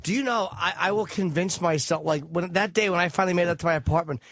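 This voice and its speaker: A man's voice: high-pitched, fast talker, fairly bright tone, no room sound, studio quality. A man on a talk radio show telling a crude comic story, cursing freely and acting out his own inner voice.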